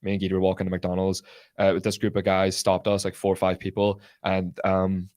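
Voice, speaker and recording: A man with a Northern Irish accent telling a rambling, animated story in casual podcast chat. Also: sits low, a little fast, no echo. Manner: rambling, animated anecdote with many restarts and fillers. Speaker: podcast guest, content creator.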